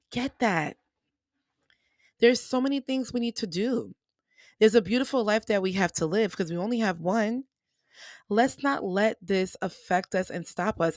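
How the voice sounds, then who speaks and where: A dry, clean studio recording captures a young adult woman's medium-pitched voice. Hosting a podcast, she talks to her y'all audience in an upbeat, chatty, encouraging way.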